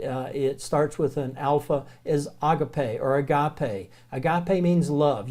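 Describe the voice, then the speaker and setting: Fairly high in pitch, this Southern-accented American man gives a laid-back, folksy recorded lesson on the Greek alphabet, slowing down whenever he spells a word.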